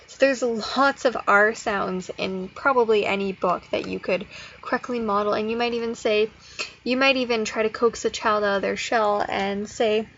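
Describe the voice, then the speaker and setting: A woman explaining speech therapy activities in a casual, encouraging way. She slows into a sing-song when she models phrases. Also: mid-range voice, steady tone, a bit bright. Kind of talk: instructional explanation with modeled child-directed prompts. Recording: slightly dull audio with faint noise.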